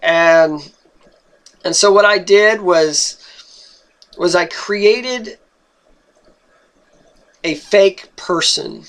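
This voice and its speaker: A young man telling a personal story in an earnest, halting way, often repeating words and restarting. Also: sits high, fairly bright tone.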